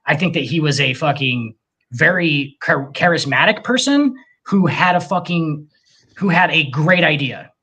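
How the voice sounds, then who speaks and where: A man co-hosting a casual podcast, ranting with lots of profanity and animated emphasis. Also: a little high, unhurried, breathy edge. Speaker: podcast co-host.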